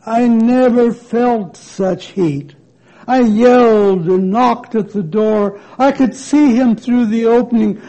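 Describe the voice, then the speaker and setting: A talking teacup that was once plain red clay recalls its ordeal in the first person, as a man puts it on, slow and pleading. The voice sits high for a man, with a gravelly fry and a mellow, dark tone.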